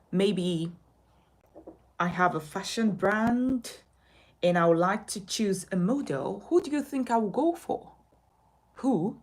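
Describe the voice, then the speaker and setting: A woman coaching communication in a live lesson, her voice swinging high and low as she stresses each point. She speaks slowly and deliberately, often asking questions and answering them herself. Her tone has a slightly husky edge. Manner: animated, emphatic, asks and answers its own questions. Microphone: phone.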